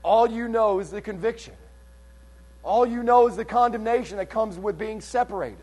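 A man preaching a fervent sermon, swinging between hushed and loud passages, and reading scripture aloud in old-fashioned wording. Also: sits high, normal speed. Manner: reads scripture in old King James wording.

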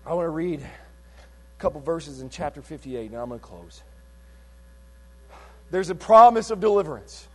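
Man, high voice, fervent sermon, swings from hushed to loud, mains hum behind. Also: lively intonation, normal speed, long pauses. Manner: reads scripture in old King James wording. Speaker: preacher.

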